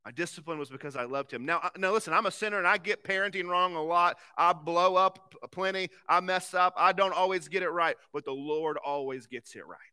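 A male pastor in his thirties delivers a sermon in a bright, forward voice that sits a little high for a man. He preaches with earnest conviction, pressing hard on some lines and dropping to near-hushed softness on others. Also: fairly quick, hardly any pauses, clear, resonant tone. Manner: earnest, swinging from forceful to very soft.

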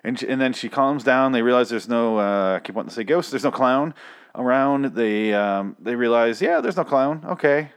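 A man's voice: mid-range voice, moderate pace, clear, resonant tone. A man hosting a casual TV review, rambling, swearing freely and correcting himself as he goes. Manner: rambling, profane, self-correcting. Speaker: host of a TV review show.

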